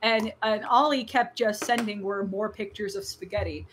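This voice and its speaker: A young woman guest on a podcast, telling jokey made-up stories with a deadpan delivery over a remote call. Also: medium pitch, moderate pace, a little hiss or hum. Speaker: podcast guest, video editor. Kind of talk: casual podcast chat.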